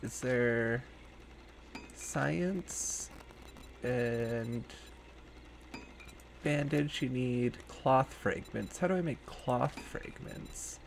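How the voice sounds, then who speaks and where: A man's voice: mid-range voice, drawn-out words, vocal fry, long pauses, slight background noise. A young man hosting a gaming channel, casually thinking aloud as he crafts and plans in his game. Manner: jokey, hammy cowboy put-on at intro. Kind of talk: casual let's-play commentary.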